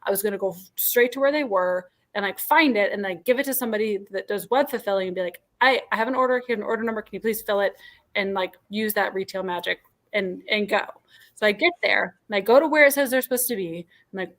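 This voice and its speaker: A woman's voice: medium pitch, fast. A woman co-hosting a podcast in casual chat, telling a story with lots of fillers and acting out what people said. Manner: animated storyteller, acts out quoted dialogue, many "like" fillers. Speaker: podcast co-host.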